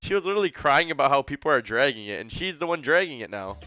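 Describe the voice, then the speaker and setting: A man's voice: mid-range voice, very animated, quick pace, bright, forceful tone, clean tone, no room sound, muffled recording, soft background music. A man streaming a casual reaction, rambling and incredulous, with a slight lisp. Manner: rambling, incredulous, full of fillers.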